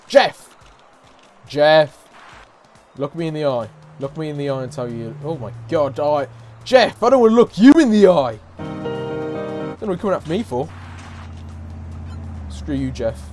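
Male let's-play host, brash and taunting; animated, unhurried delivery over quiet game music. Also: on the high side. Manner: loud, mocking, swears and taunts at game characters. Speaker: gaming YouTuber. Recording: game music faint behind.

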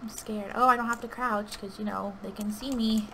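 Woman gamer, fretful live commentary with loud bursts; slight vocal fry, keyboard clatter audible. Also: medium pitch, brisk, slight background noise, rough recording. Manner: anxious, pleading, bursts of loud excitement. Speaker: gaming video creator. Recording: keyboard clicking audible behind voice.

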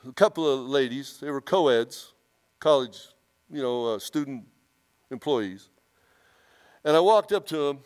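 A man in his sixties preaching a testimony in church, telling his story earnestly and emphatically, often restarting his sentences. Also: on the high side. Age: 60s. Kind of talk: sermon testimony.

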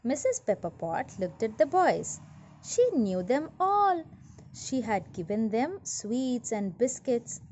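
Animated woman reading children a story. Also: on the high side, takes it slowly, slight background noise. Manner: animated, asks listeners questions. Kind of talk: children's read-aloud.

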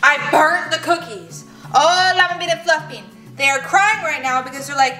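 A young woman with a high, bright voice chats animatedly to her toys and her viewers in a playful vlog. The sound carries a roomy echo, with faint music underneath. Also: normal speed, hardly any pauses. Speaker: vlogger playing with toy llamas. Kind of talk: playful kids' vlog narration.

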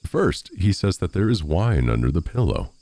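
A man playing a crafty little peasant farmer, sly and knowing, lively lilt, gravelly edge. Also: deep voice, moderate pace, no room sound, full character voice.

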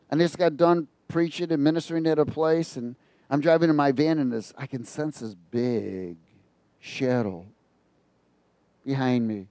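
Fired-up preacher, a man with a high voice. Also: no echo. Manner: animated, mocking and laughing at his own asides. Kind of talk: informal sermon on a psalm.

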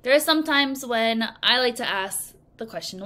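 Woman teacher going over vocab words, slow and clear, kinda high voice, acts out the examples. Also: pushed and bright. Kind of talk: recorded vocabulary lesson for children.

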